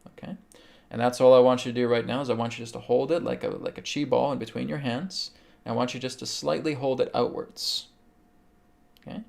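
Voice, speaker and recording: Gravelly-voiced man guiding a meditation. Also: mid-range voice, brisk. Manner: calm, instructive, repeats okay. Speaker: host and spiritual healer. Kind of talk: guided meditation and live Q&A.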